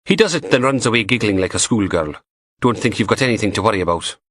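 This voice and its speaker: A male narrator voicing a punky young female forensic technician who teases in a dry, deadpan way. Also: lowish voice, quick pace, no echo, pitched above the performer's own voice. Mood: teasing.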